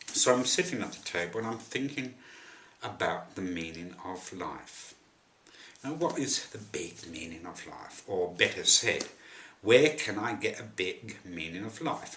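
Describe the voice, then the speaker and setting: Deep-voiced man telling a rambling story. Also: lively intonation, normal speed, fairly bright tone, slight background noise. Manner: rambling with wry asides. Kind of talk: storytelling to camera. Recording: echoey room.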